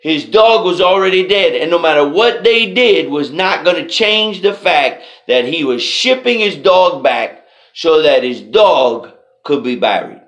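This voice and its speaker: A man with a fairly high voice gives a motivational storytelling talk. He speaks slowly and deliberately and leans on repeated phrases. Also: animated, fairly bright tone.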